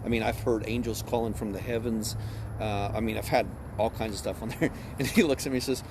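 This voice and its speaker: A man's voice: fairly low pitch, steady tone, a little fast, background noise. A man on a ghost tour chatting casually, agreeing often and telling a personal story. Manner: eager listener with frequent agreeing interjections, laughs while telling his story. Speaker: tour guest. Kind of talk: casual chat. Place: outdoors on a city street.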